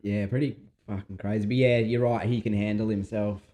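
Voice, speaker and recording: A young Australian man co-hosting a podcast in laid-back, slangy casual chat, quick to laugh. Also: on the low side, fairly even intonation, mellow. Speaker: podcast co-host.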